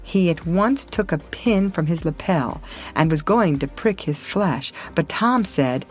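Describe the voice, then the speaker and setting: Slow, low-voiced woman narrator. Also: animated, soft background music. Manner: slow, careful read-aloud for learners. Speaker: storybook reader. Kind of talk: scripted story narration.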